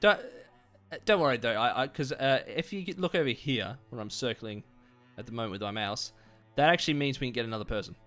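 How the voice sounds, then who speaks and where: Bright-voiced man narrating a game. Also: mid-range voice, animated, quick pace, soft background music. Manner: laughs often, stumbles over words. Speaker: let's play co-host. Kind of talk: casual gameplay chat and narration.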